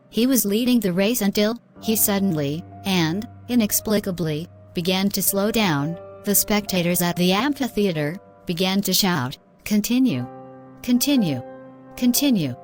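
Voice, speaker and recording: A woman giving a scripted, earnest devotional narration that urges listeners to keep going in their faith. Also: mid-range voice. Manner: earnest, exhorting. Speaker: inspirational narrator.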